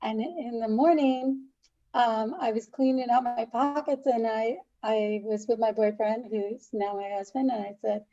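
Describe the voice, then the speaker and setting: Animated storytelling woman, mellow voice. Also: on the high side, unhurried, lo-fi sound. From Albany, New York. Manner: animated storyteller, laughs often, acts out dialogue. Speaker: makeup artist, podcast guest. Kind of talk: storytelling interview.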